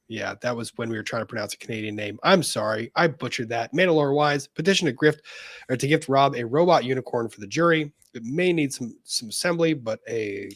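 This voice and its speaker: A man's voice: medium pitch, a bit bright, no room sound. Casual co-host, male, dry close mic, reads chats and laughs easily. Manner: laughs often, reads viewer comments aloud. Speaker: co-host reading super chats. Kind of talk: casual livestream chat.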